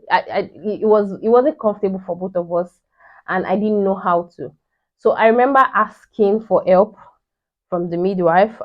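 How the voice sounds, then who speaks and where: A young woman, telling a personal story in a chatty vlog, full of "you know" and restarts. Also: lowish voice. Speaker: vlogger. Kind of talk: casual storytelling. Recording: slightly dull lo-fi sound.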